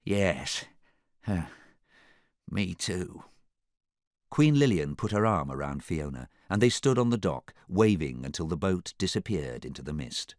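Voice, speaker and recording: A man narrating a children's audiobook with an animated, expressive reading. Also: low-pitched, moderate pace, few pauses, dry recording, studio quality.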